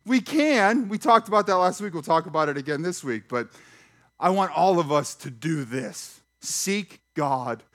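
Higher-voiced man preaching a lively sermon. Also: moderate pace. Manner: lively, talks directly to the congregation with questions and jokes. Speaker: pastor. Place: church sanctuary.

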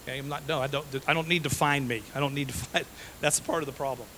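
A man's voice: medium pitch, fairly even intonation, quick pace, sharp tone, a little hiss or hum, poor audio. A man preaching a sermon as pastor, emphatic, repeating his phrases and checking in with "okay?" and "right?".

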